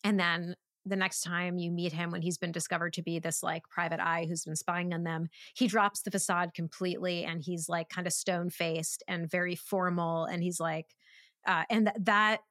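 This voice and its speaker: A woman co-hosts a relaxed podcast chat about a film, her talk full of "like" and "um" as she restarts her sentences. The sound is dry and close. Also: lowish voice, moderate pace, dry recording. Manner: chatty, many fillers and restarts. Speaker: podcast co-host. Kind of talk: casual film discussion.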